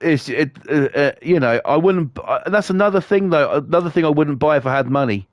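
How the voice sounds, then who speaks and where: A man's voice: on the high side, lively intonation, a little fast, no room sound, studio quality. A British man streaming a game, ranting bluntly and swearing constantly as he chats to viewers. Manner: profane, blunt, scornful. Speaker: livestreamer.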